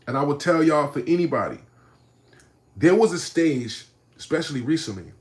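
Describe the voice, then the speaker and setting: Animated cursing man ranting on a stream. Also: moderate pace. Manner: animated, profane, swings from low mutters to shouting. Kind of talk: livestream rant.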